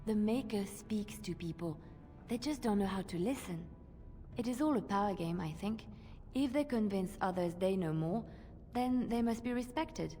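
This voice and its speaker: An actress voicing a devout, earnest young woman in a video game, talking in a reflective, quietly defiant way. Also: mid-range voice, expressive, normal speed, big-room sound, slight background noise, close to an everyday voice.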